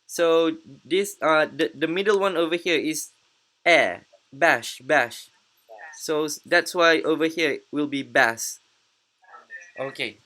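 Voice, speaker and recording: A woman teaching English pronunciation in an online class, patient and encouraging, repeating words slowly. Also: sits low, fairly bright tone.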